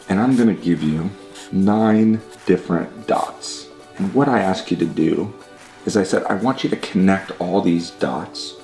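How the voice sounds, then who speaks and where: A man hosting a vlog, giving a motivational talk to camera and explaining his ideas with examples, sometimes speeding up and sometimes slowing down. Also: deep voice, gravelly, a little mellow. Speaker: vlog host.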